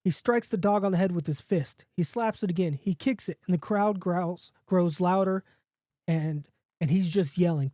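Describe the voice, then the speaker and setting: Mellow-voiced man reading a comic horror story. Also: high voice, normal speed, no echo, clean studio sound. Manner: casual, jokey, with restarts and asides. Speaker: podcast host.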